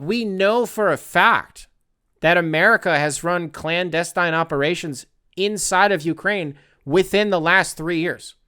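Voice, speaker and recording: A man's voice: a little high, sharp tone, smooth, no echo, clean studio sound. A man hosting his own podcast, talking alone in a rambling, profane, tongue-in-cheek way. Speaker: podcast host. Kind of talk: casual solo commentary.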